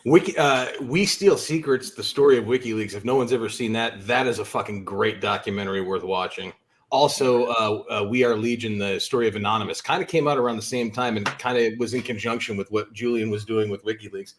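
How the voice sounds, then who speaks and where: A man's voice: on the low side, brisk, slight background noise. A man co-hosting a live stream, talking casually and cursing freely. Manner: easygoing storyteller, swears freely. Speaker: stream co-host. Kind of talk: casual chat.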